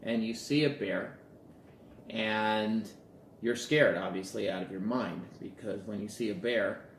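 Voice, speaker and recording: A man's voice: on the low side, measured pace, roomy sound, slight background noise. A man talking casually as a relationship coach, telling a story and acting out bits of dialogue. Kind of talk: casual talk to camera.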